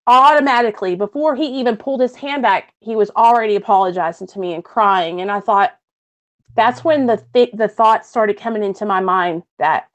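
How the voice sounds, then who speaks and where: A woman guest recounting her own hard past, emotional and halting. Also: medium pitch, dull audio. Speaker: guest sharing her story. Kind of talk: personal testimony on a stream.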